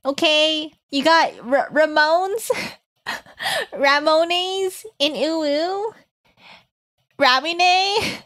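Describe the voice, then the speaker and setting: A woman's voice: high-pitched, very slow, pauses often, a bit bright, voice pushed up, exaggerated voice. A woman streamer putting on a cutesy uwu baby-talk voice, giggling and stumbling over words as she reads to chat. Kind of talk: live stream chat in a put-on voice.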